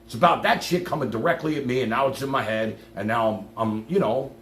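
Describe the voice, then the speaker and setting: A man ranting on his live stream, profane and passionate, swinging from loud outbursts to low mutters. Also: fairly quick, reverberant.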